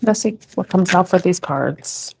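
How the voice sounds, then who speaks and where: A woman's voice: fairly low pitch, a little slow, creaky, breathy edge. A woman tarot reader chatting casually to viewers, laughing often and thinking aloud as she talks through her cards. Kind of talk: casual live tarot reading chat.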